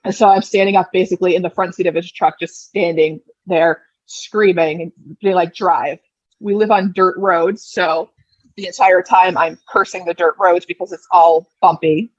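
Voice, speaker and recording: Retelling a personal story as a podcast guest, a woman in her thirties keeps it casual and lively, performing the quoted lines. She speaks at normal speed in a lowish voice. There is no echo, and the highs are cut off.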